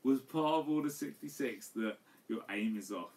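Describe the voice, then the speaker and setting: A man's voice: medium pitch, normal speed, a little mellow. Rambling tipsy man on a podcast. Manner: rambling, swears, lots of fillers. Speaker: podcast co-host. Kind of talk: casual drunk chat. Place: home live stream. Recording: distant mic with faint room noise.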